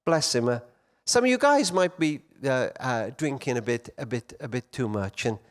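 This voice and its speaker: Animated middle-aged male conference speaker. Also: mid-range voice, moderate pace. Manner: animated storyteller, wide swings between loud and hushed. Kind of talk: storytelling talk to men.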